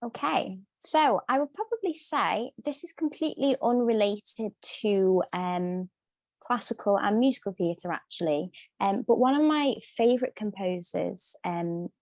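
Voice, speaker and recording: A woman's voice: mid-range voice, measured pace, a little mellow, no echo. Woman singer guest on a podcast, lots of ums, dry close sound. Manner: hesitant, many ums and restarts. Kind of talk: casual interview answers.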